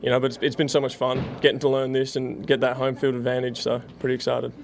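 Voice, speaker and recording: A young Australian man speaks as a guest on a sports radio interview, with an Australian accent and a middle pitch. His delivery is flat and halting, full of fillers and restarts. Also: creaky, a little hiss or hum. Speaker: football punter, interview guest.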